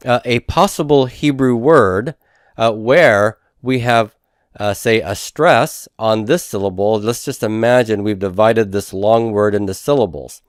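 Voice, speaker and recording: A man's voice: mid-range voice, dry recording, studio quality. A man teaching a lecture, explaining rules step by step and asking the class rhetorical questions. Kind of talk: recorded lecture.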